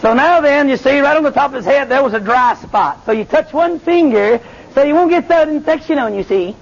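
Male preacher, high pitch, lively revival delivery, dull lo-fi recording. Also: fairly quick, creaky, a faint crowd, slight background noise. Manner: animated, calls to the congregation, Southern. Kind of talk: revival sermon with testimony.

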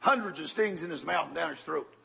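An older man preaching a sermon, telling a story dramatically and swinging from loud bursts to hushed tones. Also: fairly high pitch, animated, brisk, vocal fry, slightly rough.

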